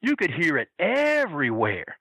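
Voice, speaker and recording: A man casually telling a long anecdote, animated and acting out the people he quotes. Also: fairly high pitch, normal speed, gravelly, breathy edge, no echo, low-quality recording. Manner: animated, acts out quoted voices.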